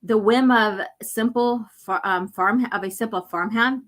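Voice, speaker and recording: A woman's voice: a little high, unhurried, a bit bright. A woman voicing a scornful male officer who sneers at others.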